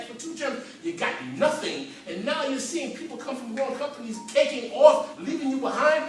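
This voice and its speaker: A man with a very high, expressive voice speaks at a moderate pace with hardly any pauses, delivering an impassioned panel speech in a library conference hall. He fires off fervent, preacher-like rhetorical questions, his emphasis rising and falling. The recording comes from far off in an echoey hall.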